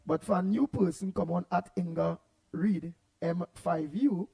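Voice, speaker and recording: A Trinidadian man hosting a morning call-in radio show, loud and passionate as he greets listeners one by one by name. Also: high voice, unhurried, creaky, no room sound.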